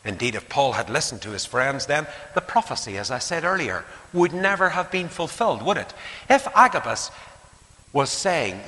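Male preacher, lively swooping pitch, bright tone, long hall reverb. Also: brisk, slightly rough. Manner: animated, acts out quotes, drops to hushed asides. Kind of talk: sermon.

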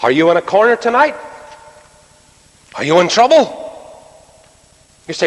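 A man preaching a sermon dramatically, acting out the voices of biblical figures and swinging from loud pleading to hushed, low tones. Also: very animated, measured pace, pauses often. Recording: long hall reverb.

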